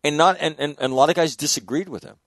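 A man's voice: a little high, quick pace, no room sound. Male radio host, blunt and salty, dry close studio sound, stacks words as he drives his questions. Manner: emphatic, profane, stacks repeated words. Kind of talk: casual panel discussion.

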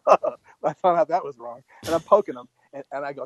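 A man's voice: on the high side, a little fast, no room sound, dull audio. A former Marine officer, a man, telling a blunt, profane story in casual conversation.

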